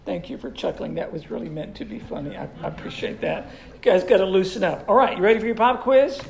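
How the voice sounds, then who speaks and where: A woman's voice: medium pitch, fast, gravelly, darkish tone, rough recording. A woman teaching a Bible study, joking with the group and quizzing listeners by name.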